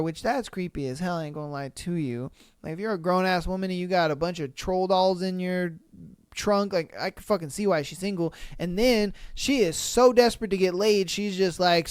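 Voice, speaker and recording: Podcast host, male, clear smooth voice, dry close sound, blunt and profane story reactions. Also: high voice, moderate pace, no room sound. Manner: blunt, profane, exasperated commentary. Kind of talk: reading and reacting to listener stories.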